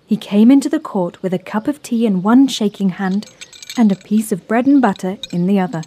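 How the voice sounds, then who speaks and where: A woman narrating a children's story in a calm, clear, measured way. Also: medium pitch.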